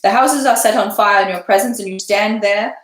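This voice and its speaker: A man's voice: high-pitched, a little fast, a bit bright. Woman reading an officious army staff officer, fussy, stiff, roomy echo. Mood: scolding. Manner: scolding, then apologetic.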